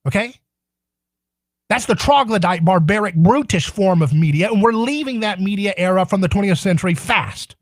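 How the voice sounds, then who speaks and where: A man's voice: high-pitched, normal speed, no echo. A man hosting a political talk radio show, delivering a sarcastic, indignant monologue.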